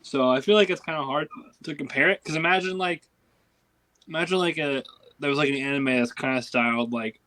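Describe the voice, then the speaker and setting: Rambling co-host with the hiccups. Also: male voice, fairly high pitch, a little fast, bright, forceful tone, rough recording. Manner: rambling, lots of "like" and restarts. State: has the hiccups. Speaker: podcast co-host. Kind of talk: casual podcast chat.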